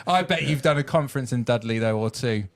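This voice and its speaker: A man's voice: mid-range voice, quick pace. Jokey man in his thirties hosting. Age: 30s. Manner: jokey, laughs often. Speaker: host. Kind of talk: casual chat. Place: studio set up as a pub.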